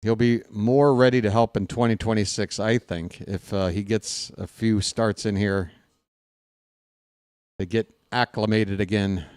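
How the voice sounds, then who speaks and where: A man's voice: on the low side, fairly even intonation, measured pace, a little mellow, clear, resonant tone, no echo, studio quality. A man doing live fan play-by-play of a baseball game, chatty and joking, openly rooting for his team.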